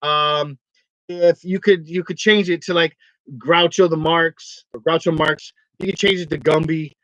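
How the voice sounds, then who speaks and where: A man talks through a loose, rambling vlog, joking and complaining and laughing often. His voice sits fairly high. The sound is dry and slightly dull and lo-fi. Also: steady tone, unhurried, fairly bright tone, dry recording. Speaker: online reseller vlogger. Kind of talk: casual rambling vlog chat.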